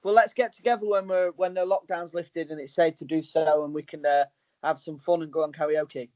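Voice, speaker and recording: A man's voice: on the high side, fairly even intonation, fairly quick, mellow. A man co-hosting a podcast, chatting casually and telling stories with quoted asides. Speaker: podcast co-host. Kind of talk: casual chat. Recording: dull lo-fi recording.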